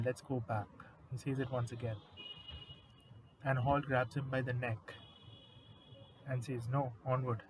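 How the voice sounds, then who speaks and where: A man casually retelling a horror story, animated and conversational, swearing now and then. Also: medium pitch, a little hiss or hum, poor audio.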